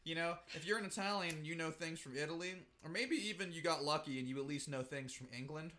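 A man co-hosting a casual podcast, telling an animated story with swearing and mocking quotes. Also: on the high side, quick pace, a little hiss or hum. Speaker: podcast co-host.

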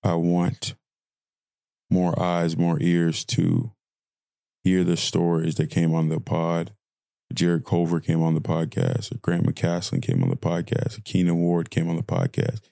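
The young podcast host sits low in pitch, with a creaky, dark tone and a completely flat delivery that runs a little slow. Though his audio-diary rant is impassioned and full of repeated phrasing, the studio-quality recording carries no room sound at all.

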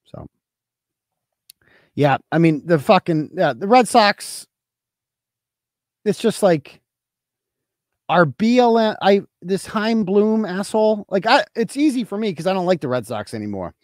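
A man in his forties from Massachusetts hosts a casual livestream, answering chat and drifting into profane, sarcastic rants. His voice sits a bit high for a man and swings widely up and down. The sound is close and dry, with no room around it. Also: lively intonation, a little slow, long pauses, no room sound. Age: 40s. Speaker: host.

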